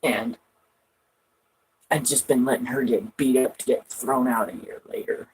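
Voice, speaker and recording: A woman's voice: extremely low pitch, fairly even intonation, measured pace, darkish tone, a little hiss or hum, low-quality recording. A woman vlogging from home in casual rambling chat, swearing a lot and laughing often.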